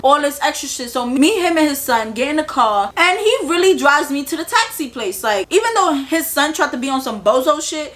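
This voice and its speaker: Brief: young woman, high voice, loose slangy storytime delivery full of swearing. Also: fairly quick, few pauses. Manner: animated, profane, slangy storytelling. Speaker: vlogger. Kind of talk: storytime vlog.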